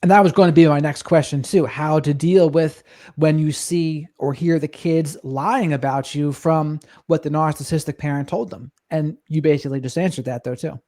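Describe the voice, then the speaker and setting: A man hosting an interview, asking questions in a measured, affirming way. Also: fairly high pitch, steady tone, mellow. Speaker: podcast host.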